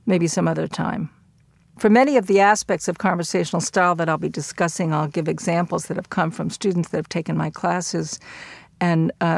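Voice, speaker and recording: A middle-aged woman giving a lecture in a measured, explanatory way. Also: lowish voice, vocal fry, no echo. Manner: measured, explanatory delivery with occasional fillers. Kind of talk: recorded lecture.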